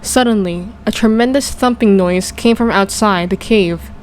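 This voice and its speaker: A woman narrates a children's storybook in a calm, steady reading voice. Her pitch sits in an even middle range, and a faint hum of background noise runs underneath. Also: moderate pace, low-quality recording. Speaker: audiobook reader.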